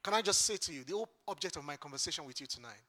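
Preacher from Lagos, man, high bright voice, impassioned repetitive sermon delivery. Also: lively intonation, rapid-fire. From Lagos, Nigeria.

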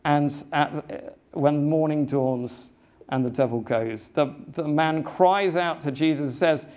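A man preaching a sermon, telling a story in an earnest, halting way with many restarts. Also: a little high, a little mellow.

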